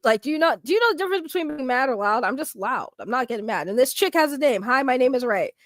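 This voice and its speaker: A young woman talks loudly and excitably, laughing often as she riffs with her stream chat. Her voice sits high and is captured close and dry, with no room around it. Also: quick pace, dry recording. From Boston, Massachusetts. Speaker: streamer reacting to videos. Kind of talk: casual reaction stream chat.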